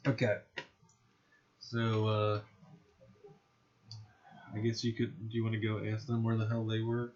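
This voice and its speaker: A man playing a tabletop game who talks casually with a joking, sarcastic edge. His voice is fairly low, and the audio is dull and lo-fi. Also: monotone, a little slow, long pauses, darkish tone. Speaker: player.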